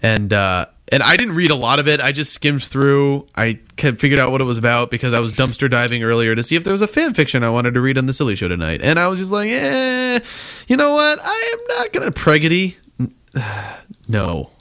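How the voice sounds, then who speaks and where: Bright, lively young male host. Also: mid-range voice, fast, few pauses, no room sound, clean studio sound. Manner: rambling, stammering, laughs often. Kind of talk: casual comedy show chat.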